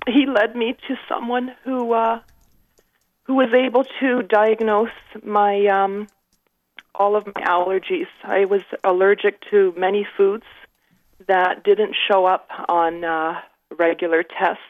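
A woman in her fifties calling in from Canada, telling her story with many pauses and fillers. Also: medium pitch, little pitch movement, no echo, narrow, tinny audio. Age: 50s. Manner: halting, many fillers, emotional at times. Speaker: caller. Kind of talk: call-in testimony.

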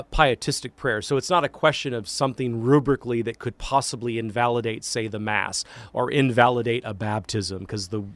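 Priest radio host, male, mid-pitched, dry studio mic, emphatic and lively when answering mail. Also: dry recording. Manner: animated, emphatic teaching with repetitions. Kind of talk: answering listener questions on call-in radio.

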